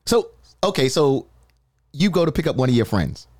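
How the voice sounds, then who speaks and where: A man hosting a radio show, chatting casually and playfully, laughing and doing quick impressions. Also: medium pitch, very animated, a little mellow, no echo, studio quality. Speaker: radio host.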